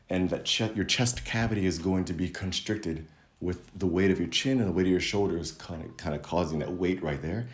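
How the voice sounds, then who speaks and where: A man giving a casual voice lesson to camera, relaxed and coaching, demonstrating sounds as he explains. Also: low voice.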